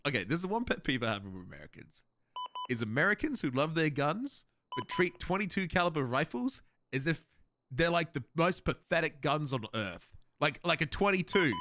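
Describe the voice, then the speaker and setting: A man's voice: a little high, very animated, moderate pace, pushed and bright, slight background noise. A man streaming a game role-play and chatting to viewers, swearing, laughing and rambling.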